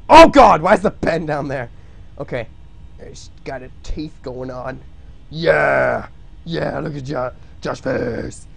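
A young man casually chatting on a live game stream, goofy with loud self-amused outbursts. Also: medium pitch, gravelly.

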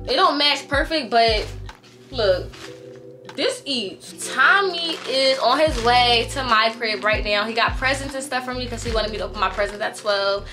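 Host, woman, 22, casual diary vlogger, animated and slangy, slightly high voice over background music. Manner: chatty, slangy, animated storytelling.

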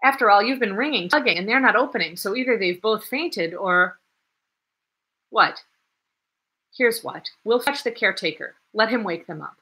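A woman doing an eager, excitable young man. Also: mid-range voice, moderate pace, husky, voice pushed up. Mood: urgent.

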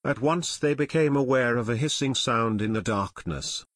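A man's voice: medium pitch, moderate pace, a bit bright, no echo. A man narrating an audiobook expressively, voicing every character.

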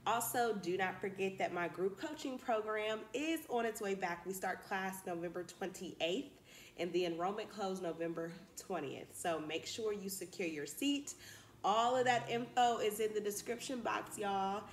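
A woman's voice: medium pitch, normal speed, slight background noise. Chatty woman vlogger in a roomy room. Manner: chatty, encouraging, addresses viewers as y'all. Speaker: candle business YouTuber. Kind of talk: casual vlog talk to camera.

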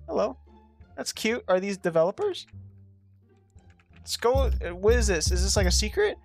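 A gameplay commentator swearing, rambling and talking back to the game, breaking into sudden loud outbursts. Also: medium pitch, lively intonation, unhurried, long pauses, no room sound, soft background music. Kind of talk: let's play commentary.

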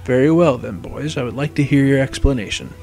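A man reading aloud, voicing an old wise headmaster who speaks softly and sternly. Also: mid-range voice, fairly quick, vocal fry, faint music behind, lightly acted. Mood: calm. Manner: soft, stern. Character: old wise male headmaster, calm and twinkling.

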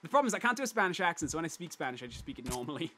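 A young man on casual gaming commentary, his voice pitched a little high and swooping all over as he talks. He teases and mock-scolds his co-player, bright and sharp in tone. His delivery is sarcastic and mock-indignant. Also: very animated, rapid-fire, a little hiss or hum. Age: young adult.

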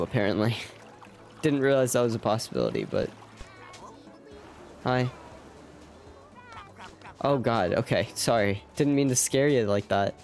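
A man's voice: mid-range voice, a little mellow. Young man, casual game streamer, rambling, self-deprecating, faint game music behind. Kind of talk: casual live game commentary.

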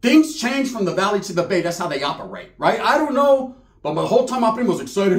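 A man's voice: sits high, sing-song, fast, reverberant. A man telling a crude comic story in slangy, profane speech. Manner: slangy, profane, acts out voices of people in the story.

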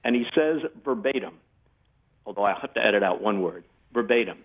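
An older man, a guest sportscaster, telling anecdotes in an animated way during a casual interview, heard over a tinny remote line. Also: lowish voice, fairly quick.

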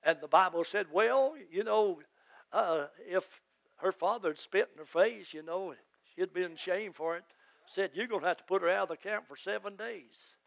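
A man, a pastor, preaching a fervent sermon that rises to shouts. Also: sits high, normal speed, gravelly.

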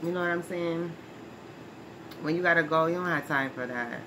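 A woman's voice: low voice, normal speed, lightly acted. A woman playing a brash, streetwise former brawler who is touchy about her name, in a comedy skit monologue. She talks in slang, laughs often and keeps asking "right?". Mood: winding down. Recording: noisy background hiss.

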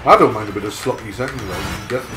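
A man's voice: on the low side, quick pace. A young Englishman, bantering crudely and dryly while playing a racing game online. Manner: dry, teasing and crude. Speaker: gamer and channel regular. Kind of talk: casual gaming banter. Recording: echoey room with loud game music.

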